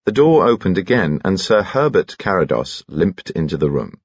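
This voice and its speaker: A man narrating an audiobook in an expressive, measured way, recorded close on a studio microphone. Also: low-pitched, slightly rough, no room sound, muffled recording. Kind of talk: scripted narration.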